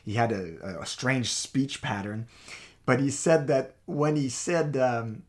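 A man co-hosting a faith talk show, speaking in an animated, emphatic way and often restarting words as he tells personal stories. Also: mid-range voice, slow.

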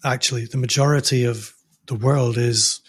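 Husky middle-aged male podcast host. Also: medium pitch, fairly even intonation, moderate pace. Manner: thoughtful, searches for words. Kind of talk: interview conversation.

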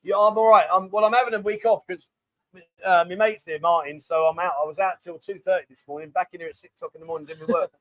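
A man's voice: sits high, steady tone, quick pace, fairly bright tone, dry recording, lo-fi sound. A man hosting a casual live stream, chatting and reading viewer questions aloud. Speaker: host of a live bar stream.

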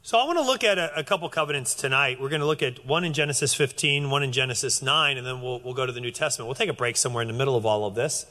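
A man preaching a sermon in a conversational, animated way, often restarting his phrases. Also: mid-range voice, rapid-fire, few pauses, long reverb tail. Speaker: pastor.

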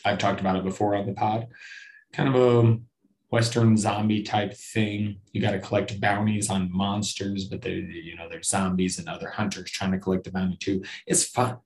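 A man with a somewhat low voice talks on his own podcast in a loose, meandering way. He swears casually, pokes fun at himself, and often stumbles and restarts mid-sentence. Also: level tone, moderate pace, a little mellow, a little hiss or hum. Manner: rambling, profane and self-deprecating, with frequent restarts. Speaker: podcast host. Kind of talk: casual solo podcast chat.

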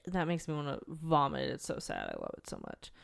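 A young woman with a lowish, smooth and resonant voice talks in a casual chat. She gives her opinions emphatically and gushes over what she loves. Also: fairly quick. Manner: emphatic, gushing, animated opinions. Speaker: podcast co-host.

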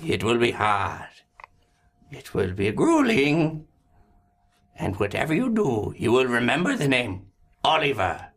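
A game master voicing a self-important, eccentric male taskmaster who speaks slowly and theatrically in a table game. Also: mid-range voice, huge pitch swings, voice pushed down, exaggerated voice. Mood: ominous. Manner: slow, drawn-out, self-important.

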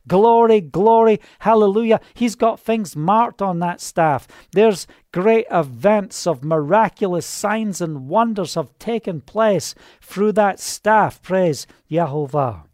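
Male preacher, fervent and proclaiming, high voice, dry close recording. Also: no room sound. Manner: fervent, proclaiming, breaks into hallelujahs. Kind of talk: charismatic sermon and prayer. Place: Israel.

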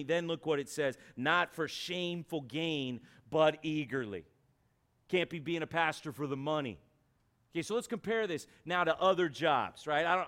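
A man's voice: a little high, a bit bright, smooth. A male pastor preaching a sermon in a church, talking in a conversational way and acting out everyday voices to make his point.

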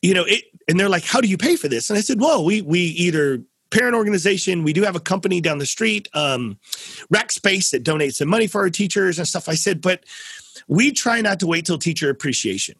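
A man with a high, husky voice hosts a relaxed interview podcast. He tells stories with animation and acts out the quotes with big swings in his voice. The sound is dry and close. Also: a little fast, no echo. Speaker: podcast host. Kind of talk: casual conversational interview.

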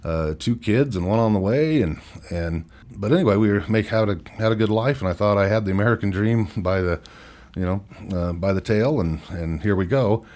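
A middle-aged man speaks in a deep, low register. He is an interview guest telling a hard personal story frankly. He pauses and restarts often and lets out wry chuckles. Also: darkish tone. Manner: frank, halting, chuckles wryly through hard memories.

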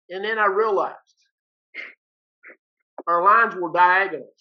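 A man's voice: high voice, measured pace, long pauses. An older man, a retired teacher, telling a story in a folksy, plain-spoken way and acting out both sides of each exchange. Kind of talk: casual storytelling. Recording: dull lo-fi recording.

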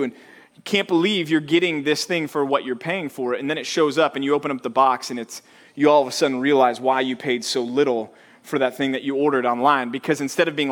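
Young male pastor, somewhat high voice, chatty storytelling sermon. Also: fast. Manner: conversational, animated storytelling with acted-out quotes.

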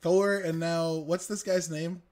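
A man's voice: fairly high pitch, steady tone, unhurried, a little mellow. A man co-hosting a podcast in casual chat, telling stories animatedly and swearing freely. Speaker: podcast co-host.

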